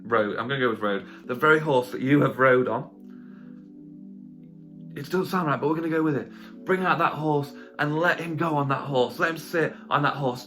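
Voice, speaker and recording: A young man telling a children's Bible story for an online kids' lesson, chatty and jokey, often interrupting himself with asides. His voice sits at an ordinary middle pitch. Guitar music plays clearly behind him. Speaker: children's church leader.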